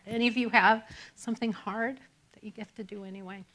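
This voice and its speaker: A middle-aged woman minister giving a conversational sermon, telling self-deprecating stories with animated delivery and laughter. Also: mid-range voice, a little fast.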